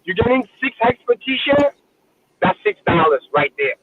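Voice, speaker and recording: A man's voice: extremely high pitch, sing-song, normal speed, background noise. A man in casual livestream chat, speaking in an earnest, reflective way. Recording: tinny phone-like call audio.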